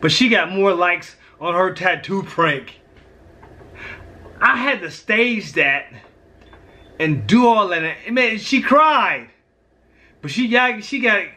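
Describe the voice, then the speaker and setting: Slangy guy vlogging at home, kinda high voice, bounces all over, talks to the camera like family. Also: pushed and bright. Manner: slangy, chatty, addresses viewers as fam. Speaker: prank vlogger, husband. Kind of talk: casual vlog talk to camera. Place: home kitchen, indoors. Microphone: camera set on top of refrigerator.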